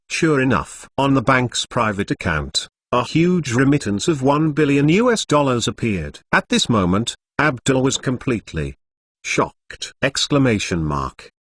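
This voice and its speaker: A man's voice: mid-range voice, fairly bright tone, husky, no echo. A computer-voiced man narrating a web novel, reading out punctuation marks in stilted phrasing. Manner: reads punctuation marks aloud.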